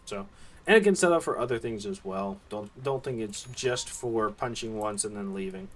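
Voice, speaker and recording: Calling an esports match on his own, a Southern-accented man keeps the play-by-play casual and chatty, with asides and fillers. His mid-range voice swings widely in pitch at a moderate pace.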